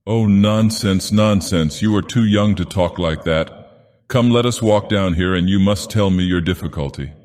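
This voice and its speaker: A man voicing a middle-aged gentleman who talks in a soothing, persuasive, genial manner. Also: low-pitched, moderate pace, close to an everyday voice. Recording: long reverb.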